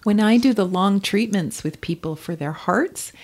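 A woman co-hosting a casual chat, a Chinese medicine practitioner who talks in an animated way and laughs often. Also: mid-range voice, normal speed.

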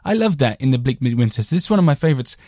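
A man's voice: mid-range voice, sing-song, racing, dark tone, dry recording, studio quality. A man hosting a podcast, chatting casually about a record in a rambling, jokey way with crude asides. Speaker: podcast host reviewing a record. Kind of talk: casual chat.

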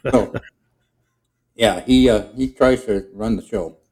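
Rambling man with a dark voice. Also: fairly low pitch, rough recording. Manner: rambling, halting storytelling. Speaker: guest performing his character voices. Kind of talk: casual chat.

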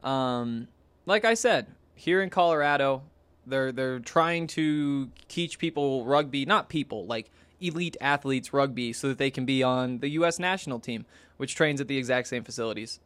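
A man's voice: mid-range voice, normal speed, fairly bright tone, smooth, no room sound. A young man hosting a solo podcast in a casual, rambling way, full of fillers and restarts. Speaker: podcast host.

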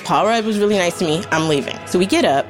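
A young woman tells a story with a lively voice that rises and falls a lot. She acts out each person she quotes. Soft music plays quietly behind her. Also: quick pace. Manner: acts out quotes with big pitch swings and laughter. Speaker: guest telling a story. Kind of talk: animated storytelling.

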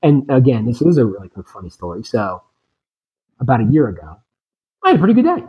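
A man in his thirties, a podcast guest in recovery, telling a story in a casual, animated and emphatic way. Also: medium pitch, a little fast, breathy edge, highs cut off.

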